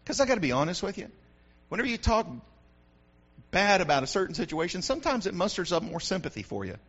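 A male pastor preaches in a very high, bright, forceful voice. He swells into shouts and keeps asking the congregation if they are with him. The recording sounds dull and lo-fi. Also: lively intonation, quick pace. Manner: preaching with rising shouts and call-and-response. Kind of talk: sermon.

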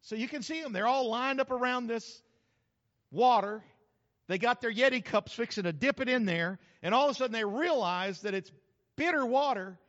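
A man from New Mexico, a pastor preaching a sermon in a folksy, humorous, animated storytelling manner. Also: very high-pitched, moderate pace. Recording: reverberant hall, slightly dull sound.

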